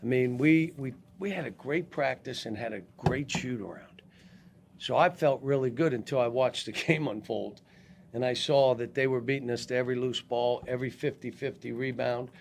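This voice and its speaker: A man's voice: medium pitch, vocal fry, a little hiss or hum. An older man coaching basketball, answering press questions bluntly with many restarts, at a post-game press conference. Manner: blunt, halting, frequent restarts.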